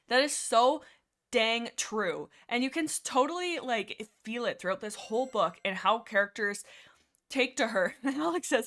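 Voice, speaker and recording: A woman's voice: on the high side, animated, moderate pace, fairly bright tone. A young woman hosting a casual livestream, rambling and giggly as she talks through a book with lots of fillers. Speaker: livestream host.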